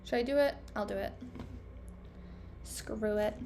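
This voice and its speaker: Gravelly young woman thinking aloud. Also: medium pitch, measured pace, pauses often, darkish tone, slight background noise. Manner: thinking aloud, self-critical, trailing off. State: losing her voice. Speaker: day trader reviewing her trades. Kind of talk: casual self-talk screen recording.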